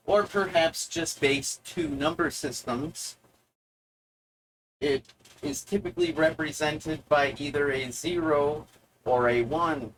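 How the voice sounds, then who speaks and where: A man talks to the camera in a mock-lecture, sardonic and unhurried, often pausing mid-thought. His voice sits a little high for a man, and the pace is very slow and drawn out. A faint hum of room ambience runs underneath. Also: fairly bright tone, poor audio. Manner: sardonic, deliberate, halting with frequent pauses. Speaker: video essayist. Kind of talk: provocative monologue lecture.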